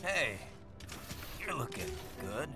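An actor voicing a calm, terse young male cyborg swordsman in a video game. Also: medium pitch, takes it slowly. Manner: terse, laid-back. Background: game music.

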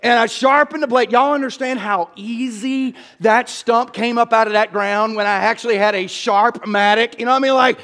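Man, high voice, church sermon, folksy storyteller. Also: fairly even intonation, moderate pace, hardly any pauses, fairly bright tone. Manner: folksy storytelling, asks the crowd "y'all". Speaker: pastor.

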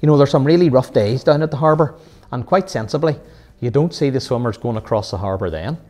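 A man's voice: medium pitch, lively intonation, a little fast, darkish tone. A man leading a children's Sunday school Bible lesson, earnest and full of rhetorical questions.

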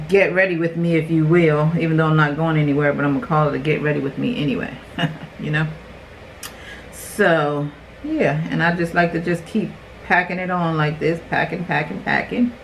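This beauty vlogger, a woman in her forties, has a deep voice and chats directly to her audience during an at-home makeup tutorial. There's a little hiss or hum on the low-quality recording.

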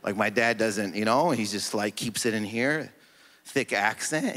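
A man's voice: medium pitch, moderate pace, bright, forceful tone. A man doing stand-up comedy on stage, rambling with lots of "like" into a handheld mic. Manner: rambling, heavy use of "like". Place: comedy stage before an audience. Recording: long reverb from a comedy hall.

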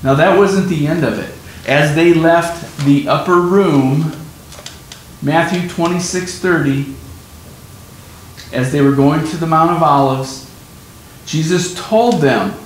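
A man preaching a sermon on scripture, explaining emphatically and repeating his key points. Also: takes it slowly. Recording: very echoey room, faint rumble.

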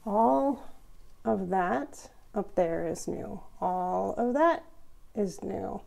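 A woman's voice: medium pitch, lively intonation, very slow, gravelly, warm tone. A woman hosting a casual houseplant tour vlog at home, chatty, goofy and rambling. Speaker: houseplant channel host.

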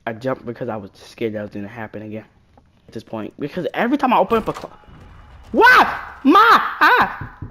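A woman's voice: very deep voice, very fast, background noise. A woman giving casual horror-game commentary, jumpy and slangy, yelping at scares and muttering banter to viewers. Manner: animated, jumpy, shrieks at scares then mutters. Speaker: gaming YouTuber.

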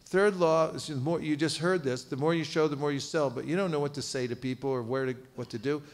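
A man with a slightly raised voice teaches a seminar to a live audience. He is playful and animated, calls on listeners, and has them chant key phrases back to him. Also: on the high side, fairly quick. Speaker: seminar teacher on book distribution. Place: seminar room at a cultural center.

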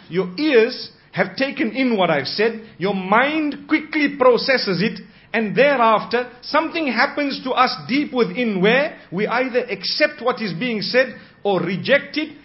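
High-voiced man preaching in measured tones. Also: lo-fi sound. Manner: measured, slows for emphasis, acts out quoted spouses softly. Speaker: Islamic preacher. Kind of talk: sermon.

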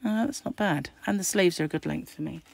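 Croaky middle-aged craft host, deep gravelly voice, chatty and musing. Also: female voice, fairly quick, background noise. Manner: chatty, musing aloud while flicking through pages. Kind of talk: casual magazine unboxing chat.

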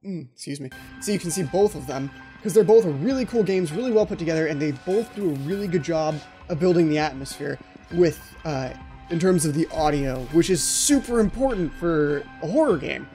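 A man's voice: a little high, animated, brisk, warm tone, soft background music. A man giving horror game let's play commentary as the channel host, jumpy and anxious, often repeating his pleas.

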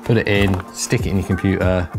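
Casual male tech host, deep-ish voice, self-deprecating and loose with figures. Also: steady tone, a little fast, over loud music. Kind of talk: casual bantering tech chat.

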